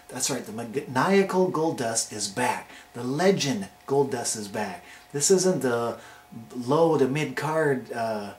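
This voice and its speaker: A man hosting a casual video review, talking in a hyped, playful countdown style. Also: medium pitch. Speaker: wrestling show reviewer and host. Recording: roomy echo with faint noise.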